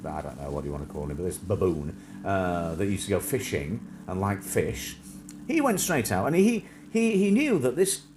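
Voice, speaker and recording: Lively chatty man, noisy line. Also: lowish voice. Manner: chatty, jokey, laughs often, many restarts. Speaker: live stream host. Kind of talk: casual rambling chat.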